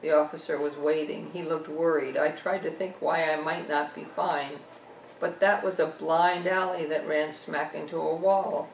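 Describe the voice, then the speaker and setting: A woman author reading her own novel aloud, telling a first-person story at a measured pace. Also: deep voice, steady tone, creaky, a little hiss or hum. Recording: echoey room, distant mic.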